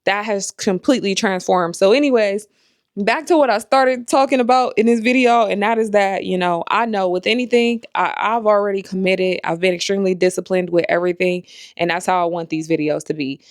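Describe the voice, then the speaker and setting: A woman's voice: medium pitch, fairly quick, dry recording, studio quality. A young adult woman talking candidly to her viewers in a casual vlog, rambling with lots of fillers. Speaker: vlogger and life coach.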